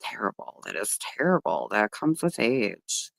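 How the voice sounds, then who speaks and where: A woman hosting a casual livestream, talking to viewers from a table outdoors. Her pitch swings widely as she chats, and she is blunt and swears freely. The sound is dry, with little echo. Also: sing-song, a little slow, gravelly. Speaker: livestream host.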